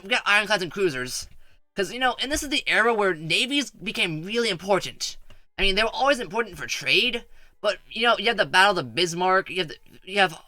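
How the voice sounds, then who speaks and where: Bright, high, stuttering male streamer. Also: no echo. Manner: rambling, stuttering, chatty with viewers. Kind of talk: casual gameplay commentary.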